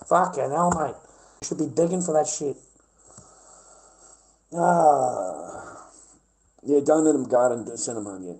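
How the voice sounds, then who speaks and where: A man's voice: mid-range voice, a little slow, long pauses, darkish tone, rough recording. A man livestreaming, ranting in a blunt, rambling way full of swearing. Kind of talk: casual livestream rant.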